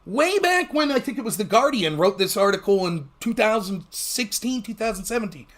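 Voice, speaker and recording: A man hosting a casual livestream, talking fast with a blunt, profane manner. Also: high-pitched, expressive, fairly bright tone. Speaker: livestream host.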